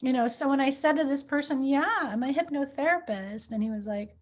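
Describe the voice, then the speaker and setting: High-pitched woman chatting, doing little voices in her stories, laughs a lot. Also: brisk, hardly any pauses. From United States. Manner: animated storyteller, acting out voices and laughing often. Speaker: preschool teacher and hypnotherapist. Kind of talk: casual chat.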